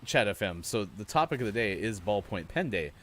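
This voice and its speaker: A man's voice: fairly low pitch, very animated, fairly quick, a bit bright, a little hiss or hum. A man hosting a morning gaming stream, chatting casually and rambling with many fillers while he plays. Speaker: show host.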